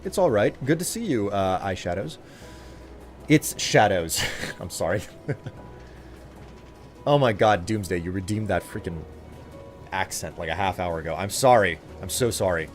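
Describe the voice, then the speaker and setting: A man with a fairly low voice chats casually with his viewers while streaming a game. He rambles, circling back with fillers and restarts. Soft music plays faintly beneath his talk. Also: measured pace, pauses often. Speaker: live streamer.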